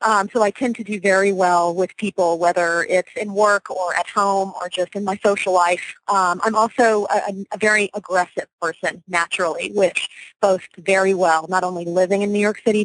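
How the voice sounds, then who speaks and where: A woman's voice: mid-range voice, a bit bright, slight background noise, low-quality recording. A woman in her forties from Louisiana, a real estate broker, talking confidently and energetically as a guest in a radio interview.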